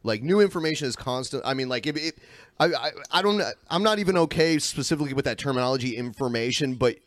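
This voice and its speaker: A man of middle pitch argues on a debate panel, halting and repeating himself before rushing through his points. His delivery is loose and conversational. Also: lively intonation, fairly bright tone, no room sound. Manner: halting, repeats words, rushes when pressed. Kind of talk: argumentative discussion.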